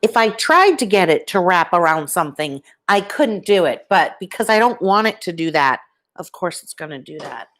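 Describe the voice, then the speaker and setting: A woman chatting casually on a live stream at home, showing her pet lizard and talking softly about it, into a plugged-in microphone. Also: fairly low pitch, very animated, normal speed. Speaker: vlogger.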